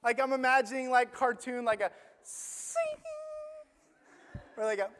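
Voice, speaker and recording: A man preaching a sermon. He retells a story in an animated, conversational way, full of "like" fillers. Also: very high-pitched, a little slow, big-room sound, a little hiss or hum.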